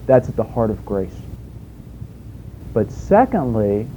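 A man delivers a sermon as if chatting with his listeners, with rhetorical questions and everyday stories. His voice is deeply mellow and dark, and a faint low rumble sits underneath it. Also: big pitch swings, slow pace, rough recording. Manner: conversational preaching with rhetorical questions and homespun stories. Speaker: preacher.

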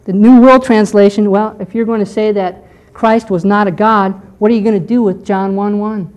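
A woman's voice: mid-range voice, level tone, moderate pace, a little mellow, poor audio. A woman teaching a Bible class in a conversational lecture style, often checking in with her listeners.

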